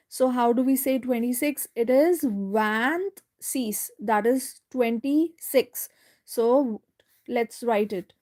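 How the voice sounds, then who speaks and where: A woman teaching French in a live online lesson, going slowly step by step, repeating words and checking in with "right?". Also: sits high, dark tone.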